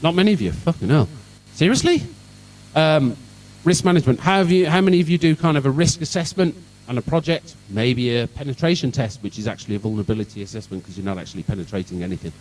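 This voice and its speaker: A man with a Birmingham accent gives a conference talk that is loud with jokes and swearing, sarcastic and irreverent. His voice sits at an ordinary middle pitch. He is heard from some distance off the mic in a hall. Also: fast talker, few pauses. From England, Birmingham. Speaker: conference speaker. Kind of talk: sweary comic tech talk. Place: event hall.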